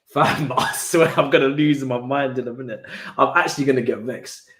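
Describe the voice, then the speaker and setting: A man's voice: medium pitch, normal speed, fairly bright tone. A man hosting a live football watch-along, ranting in exasperated slang. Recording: roomy echo.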